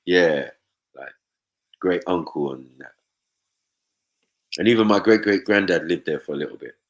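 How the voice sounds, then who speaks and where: A young man talks in a low, animated voice. He swears freely and often slips into mimicry while chatting on a panel. His speech is loose and conversational. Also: moderate pace, highs cut off. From Nigeria. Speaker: panel host. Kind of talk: casual chat.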